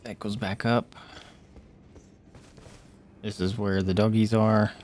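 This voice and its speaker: With a darkish, lowish voice that barely moves in pitch, this gaming streamer talks at a slow pace over slight background noise. His live commentary is jittery, jumping from mumbled asides to startled yelps and cursing.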